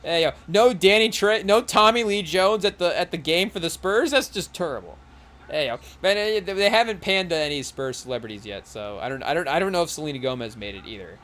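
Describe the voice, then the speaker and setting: A man's voice: on the high side, animated, brisk, hardly any pauses, a bit bright. A young man hosting a podcast in casual chat while watching a live game, rambling and often saying "hey, yo" and addressing the chat. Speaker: podcast host.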